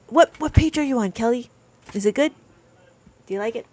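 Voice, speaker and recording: A woman's voice: fairly high pitch, brisk, a little mellow. A woman teaching abacus on a live stream, chatting with viewers and reading their comments aloud.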